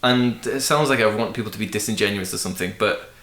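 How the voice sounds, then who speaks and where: A man's voice: on the low side, fast talker, a bit bright. A young man hosting a casual music podcast, thinking aloud with frequent restarts and fillers. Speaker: podcast host. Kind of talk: casual chat. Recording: roomy echo.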